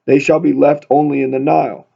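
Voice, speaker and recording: A man's voice: fairly high pitch, flat delivery, fairly quick, gravelly, husky. A man leading a casual Bible study, reading scripture aloud and then riffing on it with humor in a chatty way. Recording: dull lo-fi recording.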